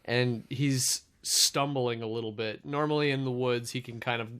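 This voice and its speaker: Guy at a tabletop game walking through what his character does, mid-pitch voice, lots of "like". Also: steady tone, moderate pace, fairly bright tone, clear, resonant tone. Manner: earnest, step-by-step storytelling with many "like" fillers. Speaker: player.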